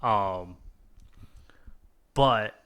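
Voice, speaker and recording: A man's voice: fairly low pitch, very slow, fairly bright tone, clear, resonant tone. A young man co-hosting a podcast in casual chat, laid-back, cursing and tossing in short reactions. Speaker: podcast co-host.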